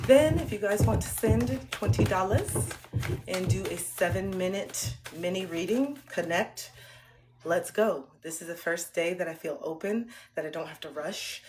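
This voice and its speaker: A woman's voice: fairly low pitch, a little hiss or hum. A woman streaming a card reading, talking earnestly and breaking into sing-song chanted mantras. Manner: earnest, motivational. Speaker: tarot card reader streamer. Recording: loud music behind voice.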